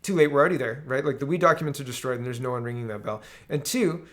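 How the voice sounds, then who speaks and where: A man hosting a casual political commentary show, talking sarcastically and mockingly with lots of animated asides. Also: medium pitch, quick pace.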